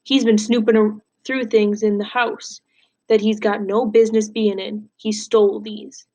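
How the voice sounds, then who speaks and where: A woman reading aloud as a mean, gruff older man who scolds and accuses a boy. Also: medium pitch, flat delivery, unhurried, a little mellow. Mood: accusing.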